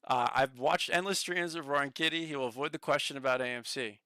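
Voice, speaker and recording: A man casually chatting on a stock market livestream, excitable, swearing now and then and reading the chat aloud. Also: medium pitch, fast, smooth, no echo.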